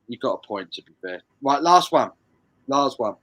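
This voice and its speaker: A man hosts a live stream charity music quiz in an animated, fairly bright medium-pitched voice at a moderate pace. Between frequent swearing and laughter, he banters and reads out what viewers answered.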